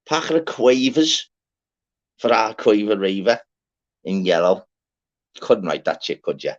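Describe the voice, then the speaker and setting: A man hosting a live stream, giving rambling, swear-filled shout-outs to listeners in a casual chat. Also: lowish voice, a little slow, long pauses. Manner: chatty, swears freely, rambling. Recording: dull lo-fi sound.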